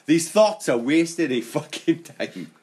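A man's voice: on the high side, sing-song, takes it slowly, darkish tone, slight background noise. A man hosting a podcast, swearing a lot and laughing through crude banter. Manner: swears often, laughs through his lines. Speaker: podcast host.

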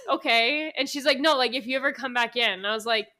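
Bright-voiced young woman telling stories. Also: on the high side, very fast. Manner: rambling storytelling, swears, laughs often. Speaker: podcast co-host. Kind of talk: casual chat with her sister.

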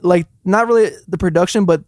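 A man's voice: high voice, fairly quick, a little mellow, no echo, studio quality. A young man chatting casually about music, telling a rambling funny story and laughing often. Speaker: podcast co-host. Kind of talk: casual music review chat.

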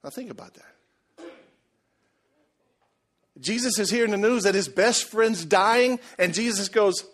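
A man preaching a sermon, telling the story in a lively, joking way and acting out the people in it. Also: high-pitched, measured pace, pauses often. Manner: animated, jokey storytelling, acts out voices. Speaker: pastor.

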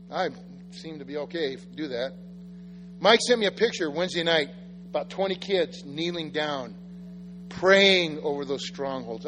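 A pastor telling personal stories in a sermon, animated and self-deprecating, acting out the quotes. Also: male voice, on the high side. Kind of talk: sermon storytelling. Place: church sanctuary. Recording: reverberant church hall with faint music.

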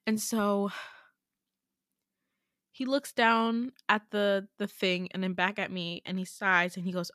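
A woman hosting a podcast, casually retelling a dream in an animated way, full of fillers and swearing as she acts out the dialogue. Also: medium pitch, takes it slowly, pauses often, no echo, studio quality. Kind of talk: casual storytelling.

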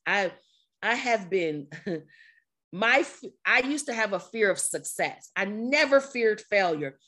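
A woman with a slightly strained voice, coaching a group on a video call in a lively, conversational way. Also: medium pitch. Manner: energetic, conversational, with laughs and repetitions. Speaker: coach leading an online group session. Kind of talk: motivational talk to a group.

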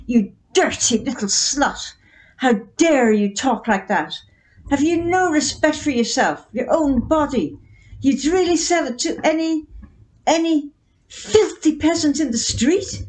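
A woman's voice: high-pitched, animated, unhurried, pitched above the performer's own voice, low-quality recording. A woman reading a story, voicing a middle-aged mother who screams abuse at her daughter. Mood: screaming. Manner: screaming, abusive.

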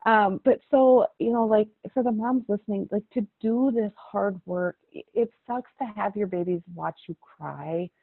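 A woman's voice: medium pitch, moderate pace, gravelly, few pauses, dry recording. Middle-aged woman, frank coach guest, loose chatty talk, phone-thin dry sound. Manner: candid, swears, peppers speech with "like". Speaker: life coach, podcast guest. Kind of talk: casual chat. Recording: tinny phone-like line, dry.

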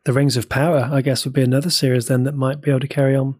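Husky New man, dry teasing. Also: medium pitch, little pitch movement, racing, darkish tone, no echo. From New Zealand. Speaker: podcast co-host. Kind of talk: casual chat.

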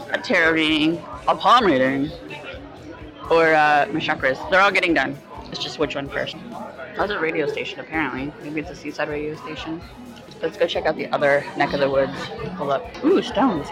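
A woman's voice: sits low, vocal fry, low-quality recording. A young woman vlogging casually from a psychic conference, tired with a worn voice, swearing freely and talking straight to her viewers. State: tired, voice shot. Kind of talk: casual vlog to camera.

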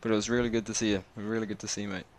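A man, rambling in a slangy, casual monologue that turns animated as he tells stories. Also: on the low side, rapid-fire. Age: 20s.

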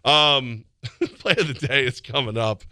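A man co-hosting a sports radio show in casual banter, telling stories animatedly and jumping into high voices to quote people. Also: unhurried, smooth, no echo, clean studio sound. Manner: animated storyteller, jumps into high voices when quoting people.

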